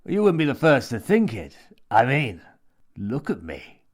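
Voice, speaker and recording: Sinister, smooth-talking mad old man, played by a man reading a story; coaxing, lecturing. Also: medium pitch, wildly swooping pitch, unhurried, pitched above the performer's own voice. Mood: menacing. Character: menacing mad old man, tall, grinning, theatrical.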